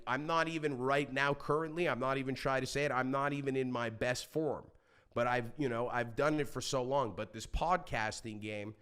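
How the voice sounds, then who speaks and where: A man talking as a podcast guest, telling stories in a passionate, animated way and swearing freely. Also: medium pitch, smooth. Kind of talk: casual interview talk.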